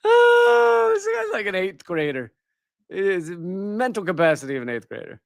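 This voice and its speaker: A man's voice: high-pitched, wildly swooping pitch, moderate pace, no room sound, clean studio sound. A middle-aged man hosting a live political commentary show, ranting in a heated, sarcastic and mocking way. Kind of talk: live commentary rant on news clips.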